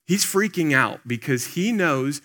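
A man's voice: fairly high pitch, lively intonation, measured pace, a bit bright. Earnest man preaching a casual sermon. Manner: earnest, speaks directly to the congregation; loose and plain-spoken, with many "like" and "um". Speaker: pastor. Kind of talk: conversational sermon.

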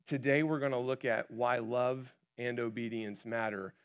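A man's voice: mid-range voice, steady tone, moderate pace, smooth. A man preaching a conversational sermon in a casual way, with frequent fillers and restarts. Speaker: pastor.

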